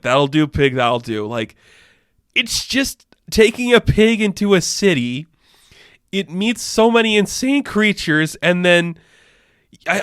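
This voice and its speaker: A young man hosting a podcast, chatting casually about films in a rambling, animated way, with lots of fillers and swearing. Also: on the high side, no room sound, clean studio sound. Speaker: podcast host. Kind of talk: casual chat.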